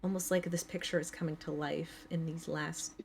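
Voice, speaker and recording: A woman narrating as game master of a tabletop game, halting with many fillers. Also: sits low, little pitch movement, vocal fry, a crowd in the background.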